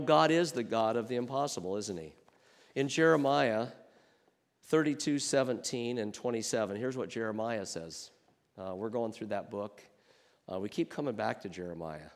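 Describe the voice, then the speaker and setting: A male pastor preaching a sermon in an earnest manner, asking rhetorical questions and moving between louder and softer passages. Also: lowish voice, long reverb tail. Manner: earnest, with rhetorical questions and swings from loud to soft.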